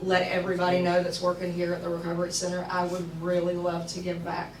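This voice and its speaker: A woman's voice: lowish voice, monotone, quick pace. A woman in her thirties giving a nervous, heartfelt speech about her recovery at an event. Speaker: speaker sharing her recovery story. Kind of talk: emotional public speech. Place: event hall with a crowd. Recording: roomy hall, distant mic, noise.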